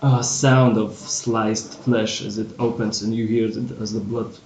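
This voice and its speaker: Slow, echoey male game master. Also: fairly low pitch, little pitch movement, darkish tone, a little hiss or hum. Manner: slow, grim scene narration with pauses. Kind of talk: narrating a tabletop game.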